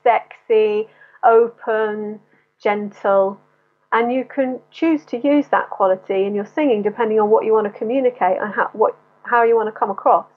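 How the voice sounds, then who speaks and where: A woman's voice: fairly high pitch, fast talker, hardly any pauses. A woman vocal coach explaining singing technique in an interview, in a teaching manner that breaks into short sung demonstrations. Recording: tinny phone-like line.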